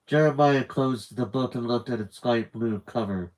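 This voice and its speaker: A man's voice: mid-range voice, moderate pace, a little mellow, low-quality recording. A man reading a novel aloud on a live stream, casually breaking off for rambling side comments. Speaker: novel reader.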